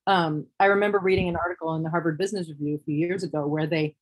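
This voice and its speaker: Husky low-voiced woman musing aloud. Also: steady tone, racing. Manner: thoughtful, wry, many restarts. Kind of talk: casual discussion.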